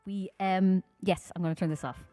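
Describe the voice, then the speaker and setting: Fast-talking Dublin woman, chatty singer. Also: on the low side, steady tone, warm tone, faint music behind. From Ireland. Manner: talks fast, chatty and informal, with many fillers. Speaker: singer performing a live-streamed concert. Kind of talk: chatty stage banter between songs.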